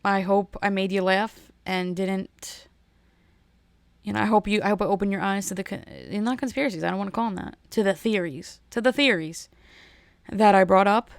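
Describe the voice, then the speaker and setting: Woman podcast host, rambling casual solo chat from a home setup, smooth voice, dry close sound. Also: medium pitch, fairly even intonation, brisk, dry recording. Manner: rambling, heartfelt, with many restarts.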